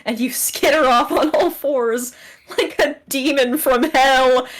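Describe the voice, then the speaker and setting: A woman running a tabletop game as its narrator, her fairly high voice swooping up and down with lively energy. She giggles often and rattles off quick asides between scene descriptions. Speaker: game master.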